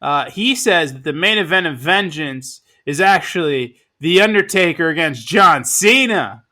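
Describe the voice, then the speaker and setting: Bright-voiced enthusiastic male podcast co-host. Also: on the high side, animated. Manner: enthusiastic, swearing, quick jokes. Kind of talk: casual podcast chat.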